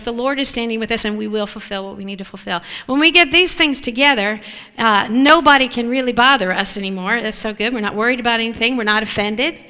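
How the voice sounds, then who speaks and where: Bright-voiced woman preaching in a reverberant hall. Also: on the high side, smooth. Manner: animated, affirming, asks the listeners for agreement. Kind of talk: sermon.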